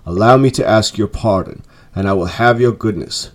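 A man's voice: lowish voice, normal speed, lightly acted. A man doing a joyful old Scrooge. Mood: eager. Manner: excited, warmly insistent. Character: elderly male miser, newly joyful and eager.

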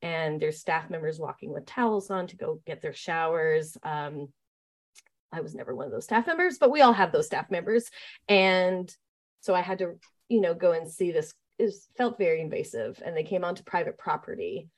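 A woman who leads staff at a summer camp, telling stories in a relaxed interview and talking with many fillers and restarts. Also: lowish voice, normal speed. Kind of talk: conversational interview storytelling.

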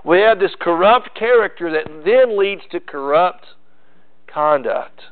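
A man delivering a sermon, emphatic and insistent, piling up repeated phrases for stress. His voice sits a little high for a man. The recording is thin and tinny, like a phone line. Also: expressive, measured pace. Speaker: pastor.

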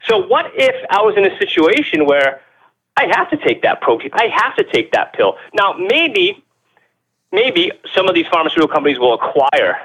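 A man being interviewed as a guest, explaining his views in an animated, emphatic way, often repeating words and asking rhetorical questions. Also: sits high, moderate pace, rough recording. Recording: radio-show audio.

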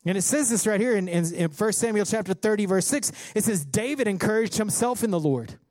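Impassioned high-voiced male pastor. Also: animated, brisk, no room sound. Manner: impassioned preaching, rising to near-shouts when quoting scripture. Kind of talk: sermon.

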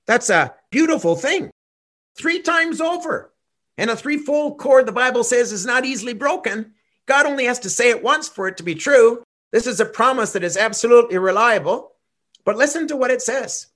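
A man's voice: extremely high pitch, expressive, brisk, sharp tone. A man preaching a gospel sermon, earnest and emphatic, repeating key phrases for weight.

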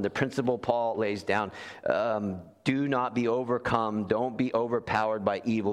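An earnest male pastor delivers a conversational sermon in a voice of middling pitch, repeating key phrases for emphasis. A long reverb from a large church hall trails behind him.

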